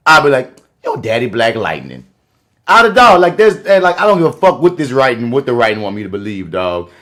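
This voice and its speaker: A man's voice: mid-range voice, fast talker, fairly bright tone. A man co-hosting a podcast review show, talking casually in heavy slang with lots of profanity. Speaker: podcast co-host. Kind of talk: casual chat.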